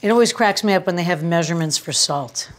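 A woman's voice: on the low side, animated, fast talker. Chatty woman cooking in a home kitchen. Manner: chatty, wry asides and anecdotes. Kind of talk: casual cooking demonstration.

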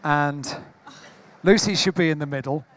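A man presents an award live on a big exhibition stage, his voice sitting a touch higher than most men's. He is jovial and keeps urging the crowd to clap. He talks warmly with the winner between announcements. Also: moderate pace. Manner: jovial, rallying the crowd for applause. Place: large exhibition hall stage.

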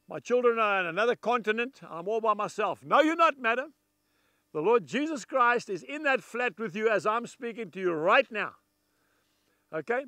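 A man's voice: very high-pitched, pushed and bright, smooth, no echo. A man preaching a televised gospel message, talking to viewers in an earnest, folksy and emphatic way.

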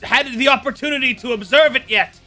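A man voicing a blunt, eager male warrior companion who speaks in loud, stiff, formal declarations during a tabletop game. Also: extremely high pitch, brisk, faint music behind, voice pushed up, exaggerated voice. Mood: resolute.

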